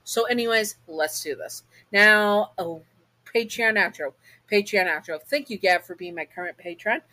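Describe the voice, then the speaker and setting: A woman's voice: mid-range voice, moderate pace, sharp tone, rough recording. A woman narrating a second-person fan story in a casual, chatty way, as the channel's host.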